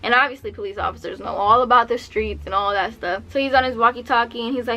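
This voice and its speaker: Young woman doing a storytime vlog, kinda high voice, jumps up dramatic when she quotes people. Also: fast talker, hardly any pauses, slight background noise. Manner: animated, acts out quotes with pitch jumps. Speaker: vlogger telling a story. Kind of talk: casual storytime.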